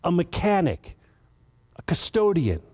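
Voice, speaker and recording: Man, sermon storyteller, casual, earnest, frequent restarts, slightly high voice. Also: wildly swooping pitch, measured pace, a little mellow, breathy edge. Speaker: director of children's ministry giving the message.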